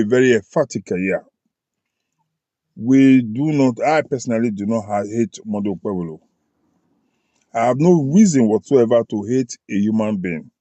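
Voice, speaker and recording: A man's voice: medium pitch, mellow, no room sound, dull audio. A man from Edo with a Nigerian accent and Pidgin phrases, giving emphatic political commentary straight to his listeners. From Edo State, Nigeria. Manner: emphatic, addresses listeners directly, fills pauses with "uh". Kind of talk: opinionated political commentary to camera.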